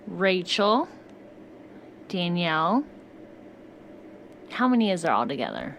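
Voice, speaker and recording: A woman's voice: fairly low pitch, big pitch swings, slow pace, vocal fry, a little hiss or hum. A woman co-hosting a podcast in casual chat, giggly and easily amused. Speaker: podcast co-host.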